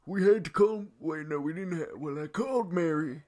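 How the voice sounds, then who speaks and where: A scatterbrained old man hosting a podcast, performed by a man. His voice sits high and keeps wandering from one silly tangent to the next, forgetting what he just said. It is loose, improvised sketch comedy. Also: normal speed, darkish tone, natural voice. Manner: goofy, rambling, easily sidetracked. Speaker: podcast co-host.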